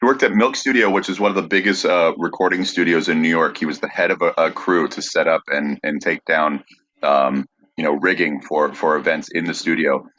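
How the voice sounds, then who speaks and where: Deep-voiced male podcast host, relaxed, muffled lo-fi mic. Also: a little fast. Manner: relaxed, agreeable, storytelling. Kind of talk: casual chat. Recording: dull lo-fi mic.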